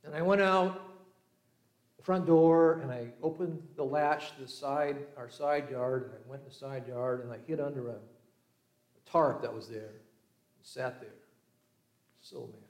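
A man's voice: medium pitch, measured pace, pauses often, reverberant. A man from Southern California preaching a sermon, telling stories and acting out the voices of the people in them. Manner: storytelling, acting out voices, shifts from lively to hushed. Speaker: pastor.

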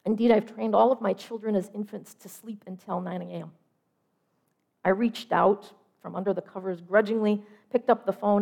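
Middle-aged woman, sermon storytelling, measured and reflective, gravelly fry, mid-pitched. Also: steady tone. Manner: measured, reflective, softening on line ends.

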